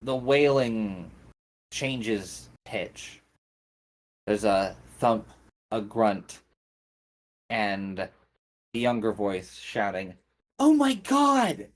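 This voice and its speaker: A man runs a tabletop role-playing game as game master, narrating at an unhurried, slow pace. He describes each scene deliberately, one beat at a time. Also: fairly low pitch.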